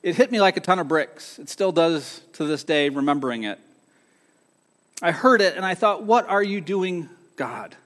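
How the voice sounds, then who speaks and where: Guy preaching his own story, earnest, goes quiet then punchy, slightly high voice, big hall echo. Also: expressive, moderate pace. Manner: earnest personal storytelling, swinging between soft and emphatic. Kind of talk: sermon testimony. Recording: long hall reverb.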